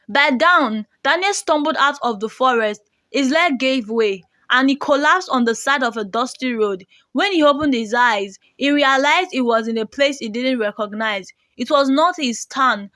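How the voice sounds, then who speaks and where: Woman reading a moral folktale, high voice, dry close sound. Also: sharp tone, no room sound. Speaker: storyteller. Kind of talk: folktale narration.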